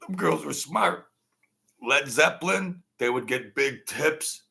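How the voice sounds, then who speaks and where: A man hosting his own channel, telling a long casual story in a rambling, halting way, full of fillers and restarts. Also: on the high side, lively intonation, creaky, bright, forceful tone, husky. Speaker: channel host telling stories.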